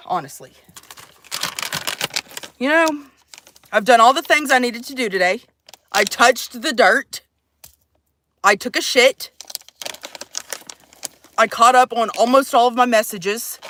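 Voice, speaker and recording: A woman's voice: mid-range voice, bright, forceful tone, slight background noise. A young woman vlogger in a brash, crude, joking rant, swearing often. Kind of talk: casual profane rant.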